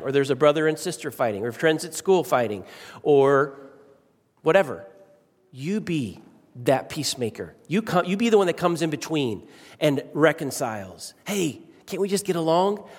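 A middle-aged male pastor preaching in a church sanctuary, his fairly high voice trailing off into a long hall reverb. He leans on repeated phrases and swings between slow, stressed lines and quick asides. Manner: emphatic, varies pace and volume, repeats key phrases. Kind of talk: sermon.

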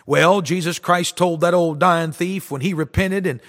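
A man's voice: high voice, steady tone, normal speed, a bit bright, in a large hall. A man preaching a fervent, emphatic sermon, quoting scripture. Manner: fervent, emphatic preaching with King James quotes. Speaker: street preacher.

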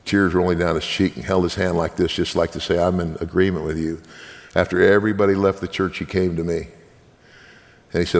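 Man, minister, earnest testimony; deep, rough voice in a reverberant church. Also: flat delivery, fairly quick. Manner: earnest, preaching, direct appeals to listeners. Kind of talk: sermon testimony.

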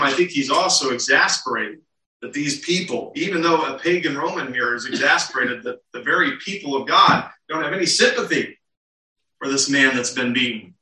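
Bright-voiced male preacher in an echoey hall. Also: medium pitch, moderate pace. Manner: asks rhetorical questions, acts out quotes. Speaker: pastor. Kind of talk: expository sermon. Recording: echoey room, mic at a distance.

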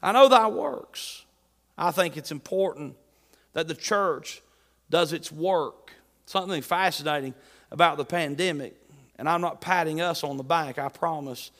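A man's voice: fairly high pitch, fairly even intonation, moderate pace, fairly bright tone. A man preaching a sermon as pastor, folksy and jokey, building to emphatic bursts. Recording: long reverb of a large hall.

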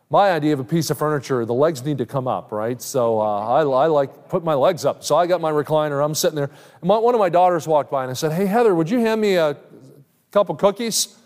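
A man preaching a sermon as an evangelist, earnestly quoting Scripture at length and pressing his points with rising emphasis. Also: medium pitch. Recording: long hall reverb.

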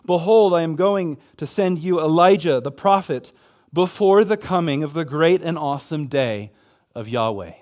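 A man with a somewhat high voice delivers an expository sermon on scripture. He speaks in a measured way and leans on repeated phrases for emphasis. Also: darkish tone. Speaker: Bible teacher.

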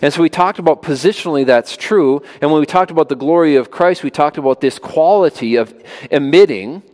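A man's voice: a little high, a little fast, a little mellow. A man preaching a sermon as pastor, earnest and emphatic, often repeating words for stress.

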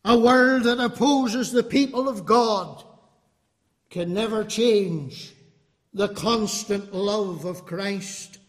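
A man preaching a fervent, emphatic sermon to a congregation. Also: high-pitched. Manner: fervent, emphatic, appealing to the listener. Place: congregation hall. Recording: long hall reverb.

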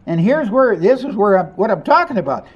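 A man preaching a sermon as pastor, moving between hushed and emphatic lines and asking the congregation rhetorical questions. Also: high voice, big pitch swings, brisk, husky, highs cut off.

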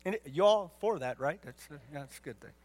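A man's voice: a little high, expressive, fairly quick, a little mellow. A man pastor preaching a sermon with emphatic rhetorical questions and folksy asides.

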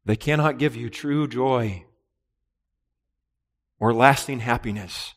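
A man's voice: mid-range voice, slow pace, big-room sound. A man preaching a sermon in an earnest, emphatic way, with repeated phrases and rhetorical questions. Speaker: pastor.

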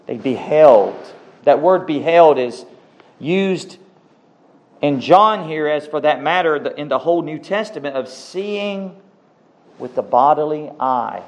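A man preaching a sermon, slow and emphatic, repeating key words for weight. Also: a little high, lively intonation. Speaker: pastor.

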